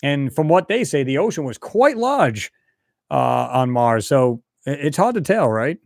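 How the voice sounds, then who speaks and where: A man's voice: medium pitch, sing-song, unhurried, creaky, dry recording. Man, live-stream host, rambling casual chat, dry close sound. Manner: rambling, chatty, reads viewer comments aloud.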